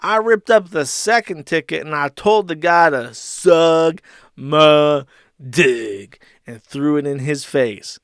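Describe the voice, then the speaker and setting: A man's voice: very high voice, a little slow, bright, forceful tone, clean tone, no room sound, clean studio sound, voice pushed up, exaggerated voice. A man putting on the voice of an outraged drunk man, ranting indignantly at an airline. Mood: furious ranting.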